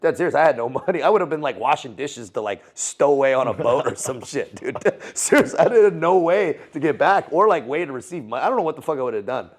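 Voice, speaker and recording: A man's voice: on the high side, animated, a little fast, few pauses. A man guest in a casual interview, telling a story in slangy, swear-filled talk with frequent laughs. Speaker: guest, former Navy SEAL and Foreign Legionnaire.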